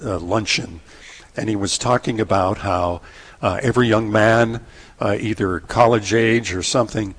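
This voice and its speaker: Husky man, thoughtful co-host. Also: lowish voice, fairly even intonation. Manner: halting, many fillers and restarts, thoughtful. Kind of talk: casual interview chat.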